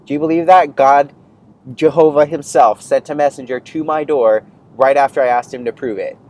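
A man hosting a podcast, telling a personal story in a rambling, animated way and often cutting himself off mid-sentence. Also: fairly high pitch, moderate pace, rough recording. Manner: rambling, animated, self-interrupting. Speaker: podcast host. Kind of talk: casual storytelling monologue.

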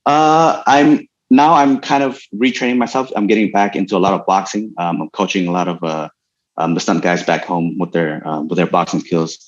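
Man with a very low voice as the interview guest, easygoing rambling talker, slightly dull recording. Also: normal speed. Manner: relaxed storytelling with many fillers and frequent laughs. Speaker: guest, stuntman and martial artist. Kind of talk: casual interview conversation.

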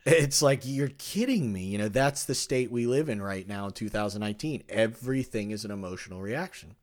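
A man hosting a podcast, talking in a rambling, animated way, with many restarts. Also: lowish voice, a little fast. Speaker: podcast host. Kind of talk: casual conversation.

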